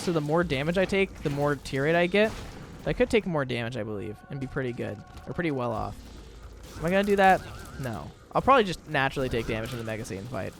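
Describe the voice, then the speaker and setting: Lively young man rambling over gameplay. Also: fairly high pitch. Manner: chatty, rambling, animated, exaggerated indignation. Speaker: gaming video creator. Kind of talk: casual gameplay commentary.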